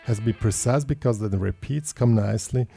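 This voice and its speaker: A guitar teacher patiently explains a lesson step by step in simple phrasing. His voice is on the low side, creaky and mellow, and he talks fairly quickly. Guitar playing and a backing track sound in the background.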